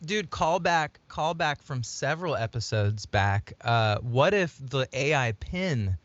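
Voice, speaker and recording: A man co-hosting a podcast in casual, animated chat, riffing on ideas and now and then jumping into high put-on voices. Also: takes it slowly, no room sound. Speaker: podcast co-host. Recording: dull, dry sound.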